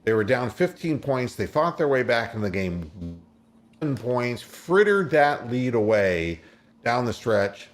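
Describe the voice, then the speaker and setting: A sports radio host in casual talk, retelling games play by play like a storyteller. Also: male voice, mid-range voice, sing-song, a little slow.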